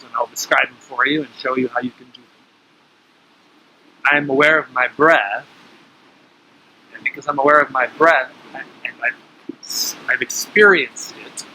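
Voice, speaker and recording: Man, breathing teacher, casual coaching delivery, sharply bright tone, slightly high pitch, faint background noise. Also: rough recording. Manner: coaching, often checks in with "right?". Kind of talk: casual instructional talk.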